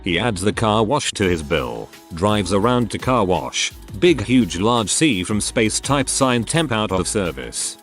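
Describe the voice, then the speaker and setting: A man giving scripted narration of online stories, with a wry, expressive storytelling manner. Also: fairly low pitch, a little slow, few pauses, faint music behind.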